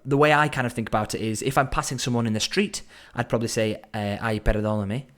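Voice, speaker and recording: A man teaching Spanish in a relaxed, explanatory way, slowing down to sound out phrases and thinking aloud as he goes. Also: medium pitch. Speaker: Spanish tutor. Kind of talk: explanatory language lesson.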